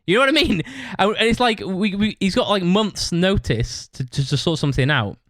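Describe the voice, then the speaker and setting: A man's voice: high voice, expressive, moderate pace, a bit bright, no echo, studio quality. A young British man hosting his own podcast, telling a rambling, sweary story in a casual way and laughing as he talks. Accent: British English. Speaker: podcast host.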